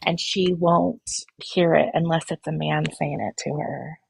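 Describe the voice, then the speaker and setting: A woman's voice: low-pitched, steady tone, measured pace, gravelly, darkish tone, husky. A woman speaking as a guest on a live stream, worried and rambling with many fillers. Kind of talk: casual chat.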